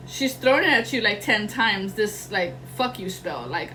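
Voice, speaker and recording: A woman's voice: medium pitch, animated, unhurried, hardly any pauses, bright, forceful tone, slight background noise, poor audio. A young adult woman doing a casual tarot reading, rambling and slangy, swearing freely. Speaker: tarot reader.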